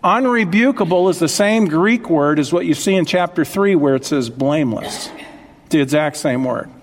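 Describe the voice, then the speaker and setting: Male pastor, high voice, emphatic sermon delivery with repeated phrases, long hall reverb. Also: animated, normal speed. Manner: emphatic, repeats key phrases, asks listeners to follow along.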